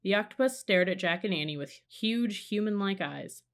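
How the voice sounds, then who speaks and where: A woman reading a children's storybook aloud in a calm, measured narration. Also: medium pitch. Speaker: audiobook reader.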